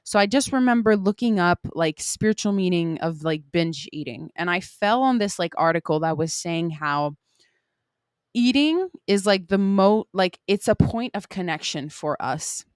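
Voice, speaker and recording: A young woman speaks into a close mic in a dry, deadened space, her voice sitting a little low for a woman. She hosts a solo podcast in a candid, emphatic, casual way, peppering her talk with "like" and the odd curse. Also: animated, normal speed, clear, resonant tone, no room sound. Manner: candid and emphatic, frequent swearing and "like" fillers. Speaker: podcast host.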